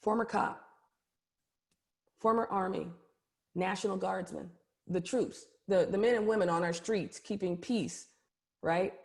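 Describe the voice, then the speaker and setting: A middle-aged woman, a keynote speaker and coach from the United States, tells a personal story over a video call in an emphatic, animated way and often checks in with her listeners. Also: mid-range voice, measured pace, creaky, long pauses.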